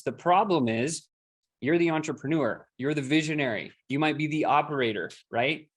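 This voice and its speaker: A man giving an energetic, conversational sales training talk to an audience, acting out bits of dialogue as he goes. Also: mid-range voice. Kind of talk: presentation to an audience.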